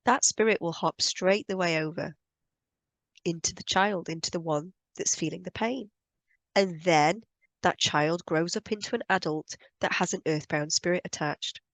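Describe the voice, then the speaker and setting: Speaking with a fairly low pitch on a recording free of room sound, a woman teaches about energy as a spiritual healer. Her monologue is earnest and emphatic, with points repeated for emphasis.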